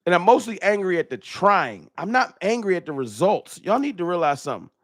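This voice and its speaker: A man hosting a casual live-stream fan talk show, animated and slangy, often repeating his words. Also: sits high, brisk, dry recording, clean studio sound.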